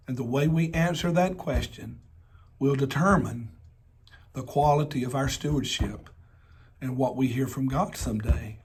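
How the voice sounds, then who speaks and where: Hoarse with laryngitis, a Southern-accented male pastor at medium pitch delivers a sermon built on personal storytelling. He keeps it folksy, tossing in jokes on the side and asking rhetorical questions again and again.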